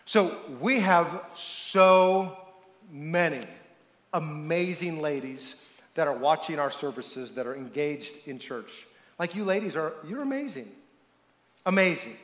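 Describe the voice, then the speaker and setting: Emphatic high-voiced preacher in a big hall. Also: male voice, animated, slow pace, fairly bright tone. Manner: emphatic, with call-and-response questions to the congregation. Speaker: pastor. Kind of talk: sermon. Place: church sanctuary. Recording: echoey church hall with long reverb.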